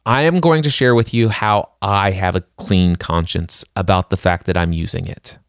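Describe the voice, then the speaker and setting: Brief: enthusiastic male commentator, chatty and informal, lowish pitch. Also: moderate pace, smooth, no room sound, clean studio sound. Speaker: channel host. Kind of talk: casual commentary.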